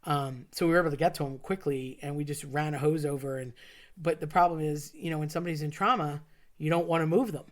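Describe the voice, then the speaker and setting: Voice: medium pitch, fairly even intonation, quick pace. A person telling a true story from their school days in a casual, rambling way, with many fillers and restarts.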